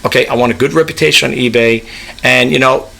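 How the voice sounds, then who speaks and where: A man's voice: mid-range voice, fairly even intonation, fast, gravelly, bright, forceful tone. A man in a casual screen-share vlog about online reselling, rambling and checking in with "okay?" and "you know" as he reads web pages aloud. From New York, US East Coast. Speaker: eBay reseller vlogger.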